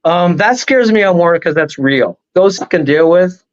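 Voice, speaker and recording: Male guest, high-pitched, animated and rambling storyteller, muffled lo-fi audio. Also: moderate pace. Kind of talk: casual storytelling on a talk show.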